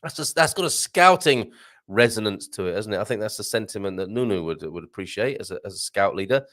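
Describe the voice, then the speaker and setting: A man's voice: on the low side, animated, a bit bright. A man hosting a casual morning live stream from a home studio, chatting, reading viewer comments aloud and trying out Portuguese phrases. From Britain. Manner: chatty, rambling, chuckles often, reads comments aloud, tries Portuguese phrases slowly. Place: home studio with green screen.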